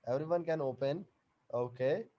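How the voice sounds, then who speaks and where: A man teaching an online class over a video call, explaining slowly and repeating each point and question. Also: on the high side, warm tone, lo-fi sound.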